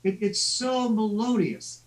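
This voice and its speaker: A man voicing a sly fox who coaxes and flatters a rooster. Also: high voice, takes it slowly, pitched above the performer's own voice. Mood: flattering. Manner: coaxing, flattering.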